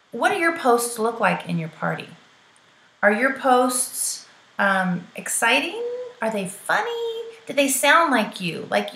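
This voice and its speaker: A woman's voice: mid-range voice, fairly bright tone. Chatty woman coaching in a roomy space. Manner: chatty, peppy, tosses in "right?" and "girl" asides. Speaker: direct sales trainer. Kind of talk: coaching talk to camera. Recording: roomy echo.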